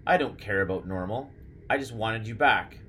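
A man's voice: fairly low pitch, normal speed, fairly bright tone, slight background noise, natural voice. A man putting on a frantic, teary mother. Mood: tearful. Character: anxious loving mother, adult woman.

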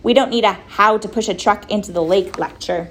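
A woman's voice: mid-range voice, a little fast, fairly bright tone, a little hiss or hum, lightly acted. A woman voicing a stern, no-nonsense older woman who scolds firmly. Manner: firm, scolding.

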